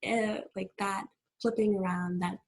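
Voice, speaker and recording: An American woman hosts a casual solo podcast from home, with family audible in the background, and her talk is full of fillers and restarts. Her mid-range voice is creaky, fairly even in intonation, and a little slow, on a rough recording.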